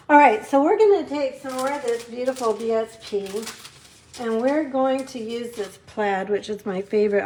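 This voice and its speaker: A middle-aged woman chatting through a live papercraft demonstration, rambling and openly thankful to her viewers. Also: fairly high pitch. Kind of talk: live-stream craft demo chat.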